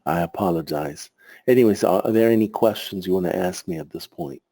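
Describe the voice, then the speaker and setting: A man's voice: low-pitched, a little fast, gravelly, mellow. A man hosting a live market webinar, searching for words as he goes through charts and answers viewer questions, sounding tired and out of breath. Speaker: market analyst host.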